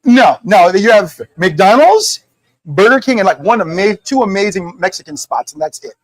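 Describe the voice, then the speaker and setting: The whisky founder's voice sits high here, moving at normal speed, captured in a dry, rough recording. He's middle-aged, telling stories casually at a live tasting in a liquor store and animatedly acting out each person's dialogue.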